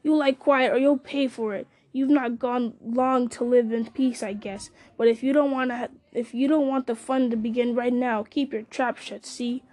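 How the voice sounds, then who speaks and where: A woman's voice: a little high, fairly even intonation, moderate pace, hardly any pauses, darkish tone, close to an everyday voice. Woman doing a snarling orc jailer. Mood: threatening. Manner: snarling, threatening.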